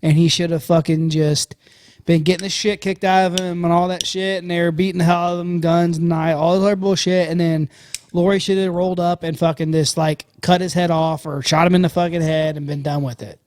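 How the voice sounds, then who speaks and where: A man's voice: on the high side, fairly quick. A man co-hosting a casual podcast, talking bluntly and in long rambles, swearing constantly. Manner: animated, profane, blunt, rambling. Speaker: podcast co-host.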